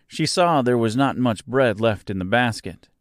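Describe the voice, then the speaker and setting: A man narrating a children's storybook aloud as a podcast host, in a slow, expressive storytelling manner. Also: medium pitch, no echo, clean studio sound.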